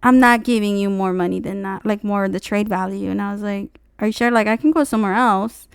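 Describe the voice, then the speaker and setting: A young woman telling a story in a casual vlog, animated and swearing freely as she acts out both sides of a conversation. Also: medium pitch, a little fast, gravelly, smooth, dry recording, clean studio sound.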